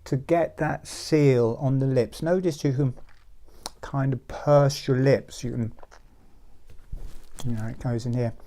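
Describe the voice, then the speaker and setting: A man leading a guided breathing meditation, giving calm step-by-step instructions. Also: medium pitch. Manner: slow, soothing step-by-step instructions. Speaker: meditation teacher.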